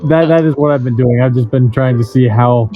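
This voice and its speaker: A man playing a tabletop role-playing game, cracking deadpan crude jokes. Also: medium pitch, fairly quick. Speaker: player. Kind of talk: tabletop role-play banter. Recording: dull lo-fi recording with faint music.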